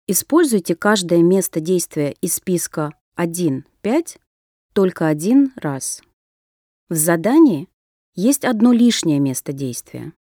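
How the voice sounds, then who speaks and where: Woman reading exam instructions, formal, deliberate, mellow low voice, lively pitch. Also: dry recording, studio quality.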